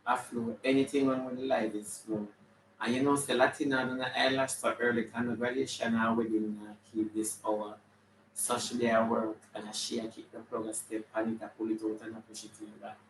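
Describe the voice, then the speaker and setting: A man's voice: mid-range voice, level tone, a little fast, a little hiss or hum, pitched below the performer's own voice, lightly acted. Man playing a brassy Jamaican drag auntie, flamboyant, calls out names, faint room echo from a distance. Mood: gossipy. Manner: flamboyant, shouting out viewers' names. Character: sassy female character in drag, full of attitude. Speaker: comedian hosting a live stream. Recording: echoey room, mic at a distance.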